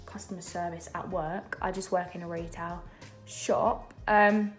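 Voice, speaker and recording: A woman's voice: fairly low pitch, steady tone, a little slow, reverberant, faint music behind. A young woman, chatting casually and rambling with lots of fillers while doing her makeup at home. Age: young adult. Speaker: beauty vlogger. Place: home during lockdown.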